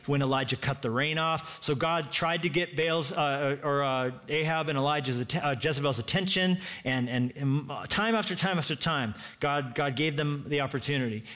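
Brief: energetic male pastor, slightly high voice, tells the story in a sermon. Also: normal speed, hardly any pauses.

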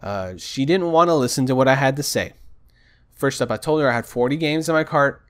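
A young man vents in a casual storytelling rant, exasperated and restless, at a middling pitch. He acts out both sides of the phone calls he describes, jumping between voices. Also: fairly quick, fairly bright tone, smooth. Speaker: vlogger. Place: home desk.

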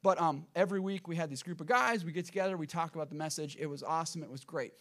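A man's voice: on the high side, fast, fairly bright tone. A middle-aged male pastor, preaching a sermon from a church sanctuary and telling a personal story with earnest, emphatic repetition.

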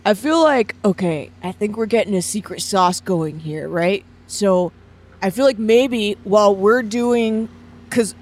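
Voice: medium pitch, measured pace, natural voice. An improv performer playing a caged circus animal who chats in a gossipy, dramatic way. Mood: scheming.

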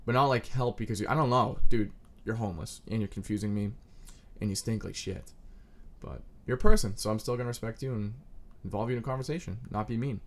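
Young man, lowish voice, crude rambling comic monologue, self-mocking. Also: fast. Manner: crude, self-mocking, scattered riffing with sudden loud outbursts.

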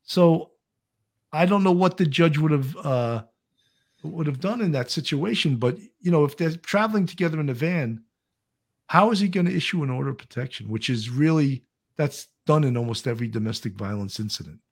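A man's voice: a little high, lively intonation, brisk. A man, co-hosting a casual live-stream chat and reading out viewer comments. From Brooklyn, New York. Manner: chatty, reads viewer comments aloud. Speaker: co-host.

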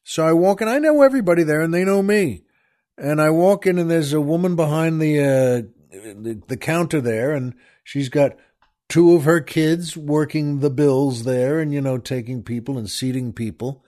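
A man's voice: fairly high pitch, moderate pace, mellow. An older man hosting a talk show, telling a rambling, wry story with small laughs and restarts. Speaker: podcast host. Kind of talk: casual storytelling monologue.

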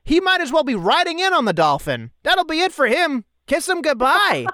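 A man with a high-pitched voice rants at length in casual podcast chat, swearing and hammering his points home. The sound is dry and close, with no room in it. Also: big pitch swings, normal speed, pushed and bright, no room sound. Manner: ranting, profane, emphatic. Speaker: podcast co-host.

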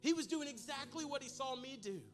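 A man preaching to his congregation, telling a comic personal story with animated, humorous delivery. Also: very high voice, fairly quick, soft background music. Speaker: pastor. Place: church service in a large room.

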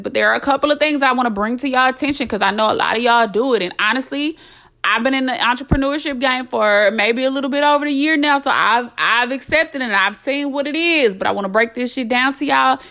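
A woman's voice: high-pitched, fast talker, bright, forceful tone. A young adult woman hosting a podcast, delivering a blunt, impassioned monologue full of swearing and emphatic repetition. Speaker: podcast host.

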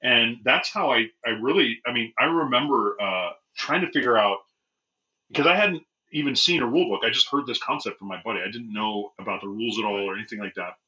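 A man chats on a podcast with a very bright, cutting voice, telling stories full of restarts and quoted voices. The recording sounds a little dull and lo-fi. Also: mid-range voice, fairly quick. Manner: rambling storyteller, restarts often, acts out quoted voices. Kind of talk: casual chat.

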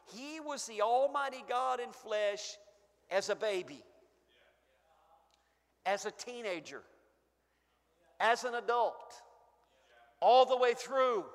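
A man preaching a sermon, emphatic, swinging between booming stresses and hushed asides. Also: lively intonation, slow, pauses often. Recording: long echo of a church hall.

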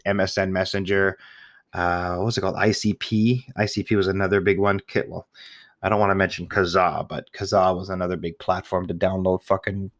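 Deep-voiced man rambling on his podcast. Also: dry recording, clean studio sound. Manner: rambling, profane, self-mocking, with fillers and sniffles. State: nervous. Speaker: podcast host. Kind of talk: casual solo podcast chat.

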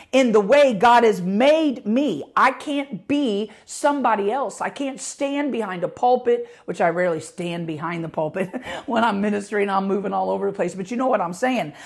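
A middle-aged woman pastor preaching with passion, her voice growing louder as she gets excited. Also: medium pitch. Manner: passionate, rising volume when excited. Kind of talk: podcast sermon.

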